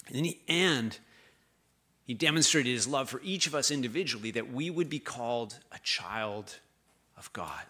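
A man's voice: on the low side, bright, forceful tone. A man preaching a sermon this morning, reading verses and breaking off for casual asides and corrections. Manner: conversational preaching, reading scripture with restarts and asides.

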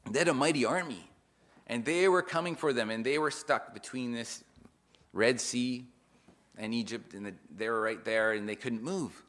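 A man preaching an informal sermon in an earnest way, reading scripture aloud and explaining it with restarts, his loudness rising and falling for emphasis. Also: mid-range voice, moderate pace.

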